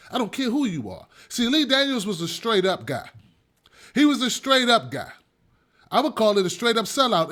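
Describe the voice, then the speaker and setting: Hammering home his points through repetition, a man hosts his own commentary show in an emphatic, ranting monologue. His voice is notably high and a bit bright.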